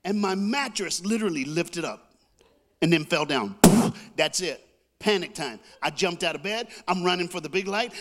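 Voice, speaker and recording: A male preacher telling a comic story in a sermon, animated, with sound effects and call-and-response. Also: sits high, moderate pace.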